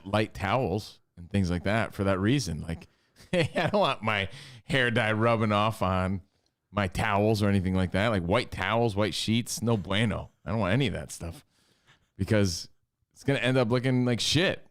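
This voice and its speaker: A man's voice: fairly low pitch, moderate pace. A man co-hosting a casual podcast, joking and teasing the others. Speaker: co-host.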